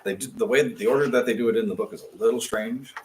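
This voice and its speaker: A man's voice: mid-range voice, fast talker, slight background noise, low-quality recording. A man teaching a beginners' language class in a classroom, patiently coaching pronunciation. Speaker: Hebrew teacher. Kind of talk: classroom lesson.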